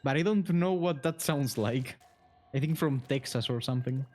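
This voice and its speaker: A man's voice: medium pitch, normal speed, darkish tone. Hesitant European man. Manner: hesitant, restarts words, curious questions. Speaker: co-streamer. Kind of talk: casual chat while gaming.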